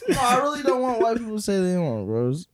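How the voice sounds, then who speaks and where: A Black man co-hosting a podcast in casual chat, slangy, laughing often and dropping low to make a point. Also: wildly swooping pitch, fast talker, a crowd in the background. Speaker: podcast co-host.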